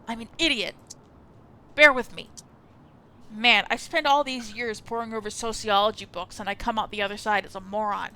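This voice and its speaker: A woman's voice: mid-range voice, fairly even intonation, normal speed, sharp tone, clean tone. A woman voicing an awkward, apologetic male sociologist landlord who rambles and stammers, reading a visual novel aloud. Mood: fawning.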